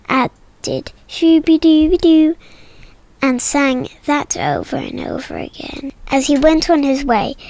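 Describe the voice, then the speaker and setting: A woman reads a children's storybook aloud, gentle and soft, often near a whisper. Her voice is high and slightly gravelly, and her pace is slow, in a dry, close recording. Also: dry recording. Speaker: narrator. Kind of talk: storybook reading.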